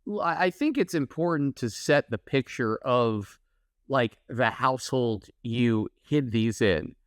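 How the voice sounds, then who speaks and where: A man's voice: medium pitch, unhurried, no echo, clean studio sound. A man from Oklahoma, a podcast co-host telling stories in casual chat. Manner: storytelling, animated.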